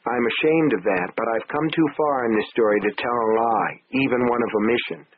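Husky man reading a grim story. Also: medium pitch, brisk, no echo. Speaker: audiobook narrator. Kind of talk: first-person story narration. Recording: tinny phone-like sound.

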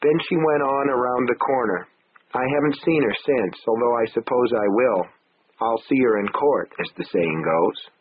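A man with a husky, grainy voice narrates a story in the first person. He tells it in a measured, grim way. The sound is thin and tinny, like a telephone line. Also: medium pitch. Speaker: audiobook narrator.

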